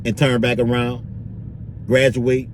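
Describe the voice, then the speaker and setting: A man's voice: medium pitch, little pitch movement, slow, slight background noise. A man vlogging in a loose, slangy street-talk monologue, filling it with "you dig" and "bro".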